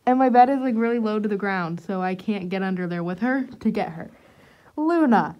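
A woman's voice: mid-range voice, fast talker, dull audio. A woman hosting a casual vlog from home. She chats, giggles and talks to her puppy. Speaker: vlogger host. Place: home bedroom, indoors.

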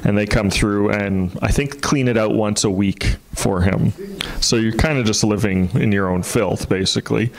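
A man's voice: lowish voice, normal speed, creaky, low-quality recording. A man, a pastor telling a story in a sermon in a casual, rambling way with many fillers and restarts.

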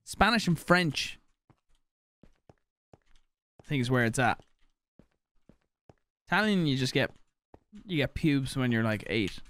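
Lively, crude-joking young male streamer. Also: mid-range voice, slow pace, pauses often, dry recording. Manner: crude, joking, swears a lot, reads chat aloud. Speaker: game streamer. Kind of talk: casual live-stream commentary.

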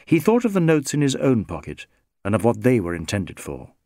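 A man reading a novel aloud as narrator, in measured, expressive storytelling. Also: mid-range voice, no room sound, studio quality. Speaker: audiobook narrator. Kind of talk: scripted narration.

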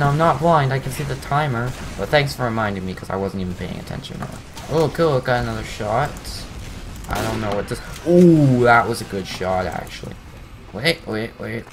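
A young man giving casual, rambling commentary over his own gameplay, teasing himself and breaking into excited outbursts. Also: medium pitch, noisy background.

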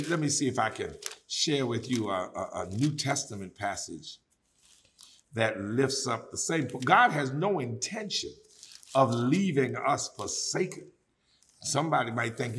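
A man preaching a Bible study, swinging from loud exclaims to hushed tones and calling out to his listeners. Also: mid-range voice, animated, normal speed. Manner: calls out to listeners, drawing out key words. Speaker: bishop and Bible study teacher.

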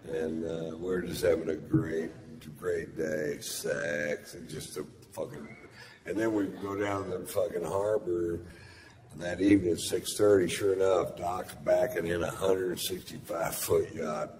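A man with a very low, deep voice works through a stand-up comedy story. He drawls along with profane, rambling asides. His voice carries a long reverb from the big theater it was recorded in, and a faint hum sits underneath. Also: steady tone, unhurried, darkish tone. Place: large theater stage with audience.

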